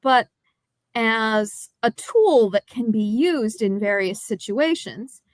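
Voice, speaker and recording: A woman co-hosting a podcast, informative and analytical, speaking in a measured casual chat about an old film. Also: fairly high pitch, animated, no room sound. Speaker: podcast co-host. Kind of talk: casual movie review chat.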